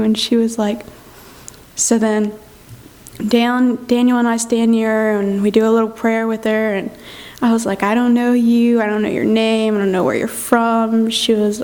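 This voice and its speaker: A woman's voice: fairly high pitch, a little mellow. A woman giving a chatty personal testimony in church, retelling events with lots of quoted dialogue. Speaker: youth group member giving testimony. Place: church sanctuary.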